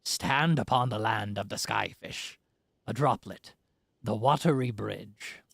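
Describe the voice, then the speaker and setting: A man doing a pompous fish-folk historian from a fantasy game, his words rolling out grand and pirate-like with a gravelly edge. The sound is close and dry, with no room around it. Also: lowish voice, slow pace, fairly bright tone, no room sound, heavily acted. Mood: grandiose.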